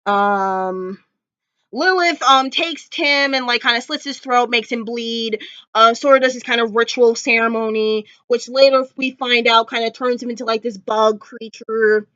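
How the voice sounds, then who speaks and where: A woman's voice: on the high side, unhurried, sharp tone, dry recording. A woman vlogger recapping a TV episode in casual chat, gushing and emotional, with lots of fillers. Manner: gushing, emotional fan talk with many fillers; close to tears at times. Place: indoors at home. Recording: dry, slightly dull home recording.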